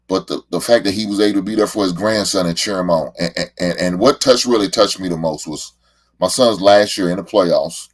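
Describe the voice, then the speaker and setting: A man's voice: sits low, brisk. A middle-aged man, a show host and father, talking in a casual, heartfelt monologue and often repeating words as he rambles.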